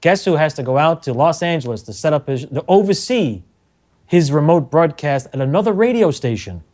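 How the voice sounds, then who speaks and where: Middle-aged male radio engineer, animated anecdote teller with a slightly high voice. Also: fairly quick. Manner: animated storyteller, acts out quotes, laughs often. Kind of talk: telling anecdotes on a talk show.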